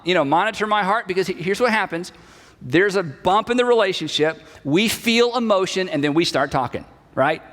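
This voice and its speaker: A middle-aged male pastor delivering a sermon in a high, bright speaking voice. He talks conversationally, repeating his key phrases for emphasis. His voice carries a long reverb from a church hall. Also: lively intonation, normal speed. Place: church sanctuary.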